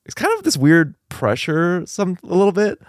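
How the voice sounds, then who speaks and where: A man's voice: high-pitched, sing-song, moderate pace, no room sound, clean studio sound. A young man co-hosting a podcast in casual chat, laughing often and joking. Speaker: podcast co-host.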